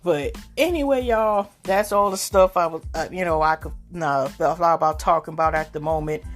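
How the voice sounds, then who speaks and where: A woman's voice: sits low, normal speed, soft background music. A woman hosting a casual solo podcast, talking in a rambling, slangy way with many fillers and restarts. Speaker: podcast host.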